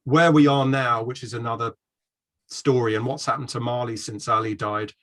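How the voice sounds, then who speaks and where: Middle-aged man, anecdotal storyteller, chatty and rambling, mid-pitched voice. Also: fairly even intonation, normal speed, fairly bright tone. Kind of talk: casual chat.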